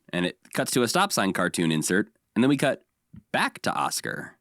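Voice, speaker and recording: An easygoing man co-hosts a podcast and talks through the episodes in a relaxed, chatty way, laughing often. His voice sits very low. The recording is dry and close, with no room sound. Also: normal speed, dry recording. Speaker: podcast co-host. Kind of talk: casual chat recapping episodes.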